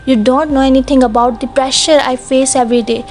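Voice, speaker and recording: A woman voicing a pregnant young woman who pleads with her lover, in an earnest, repetitive, even delivery, with music behind. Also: high-pitched, brisk, natural voice. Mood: pleading. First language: not English.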